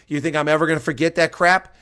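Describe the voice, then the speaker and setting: A man giving live rugby play-by-play, shouting on big plays and chatting casually with viewers in between. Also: a little high, clear, resonant tone. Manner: reads viewer chat aloud. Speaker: play-by-play commentator. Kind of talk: live sports commentary.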